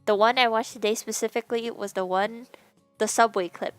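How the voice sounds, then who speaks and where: A young woman with a lisp and some vocal fry from a sore throat, chatting casually to her stream, rambling with lots of fillers and sudden laughing squeals. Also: fairly high pitch, steady tone, fairly quick, soft background music. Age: young adult. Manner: rambling, many fillers and restarts. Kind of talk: casual chat to a live stream.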